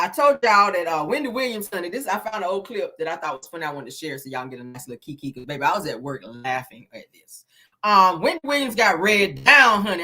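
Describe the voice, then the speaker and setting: A woman's voice: lowish voice, bright, forceful tone. A woman hosting a casual gossip show, sassy, laughing a lot and mimicking the people she talks about. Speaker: gossip channel host.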